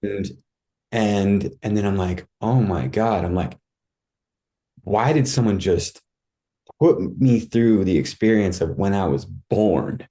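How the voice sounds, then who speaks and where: A man's voice: deep voice, slow, long pauses, mellow. A man guest on a podcast, telling a personal story in casual talk, acting out his own cries and thoughts and saying "dude" and "like" a lot.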